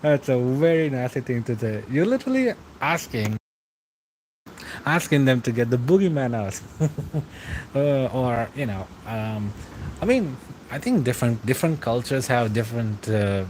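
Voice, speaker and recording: Young male streamer, mid-pitched, rambling chat replies, faint vehicle hum behind. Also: very animated, normal speed, a little mellow, rough recording. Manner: rambling, reads and answers chat, chuckles often. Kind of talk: casual late-night stream chat.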